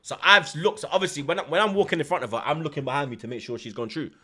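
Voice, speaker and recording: Male streamer, animated casual storyteller, bright tone pitched a little high. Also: racing, husky. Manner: animated, swears often, heavy slang. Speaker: livestream host.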